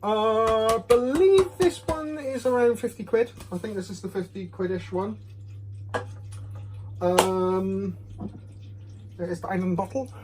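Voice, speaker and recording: At home, a man gives a casual, rambling whisky review recorded on a phone camera, self-deprecating and full of ums. His voice is high-pitched, a little slow, and he pauses often.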